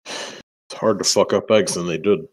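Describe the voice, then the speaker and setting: A man's voice: deep voice, normal speed, rough recording. A man chatting as a tabletop game player, sarcastic and swearing heavily. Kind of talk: casual chat between players.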